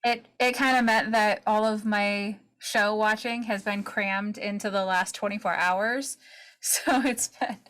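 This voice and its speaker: A woman's voice: mid-range voice, fairly even intonation, unhurried, a bit bright. A woman co-hosting a podcast, talking casually and giving her opinions. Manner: opinionated, conversational. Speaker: podcast co-host. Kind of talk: casual chat.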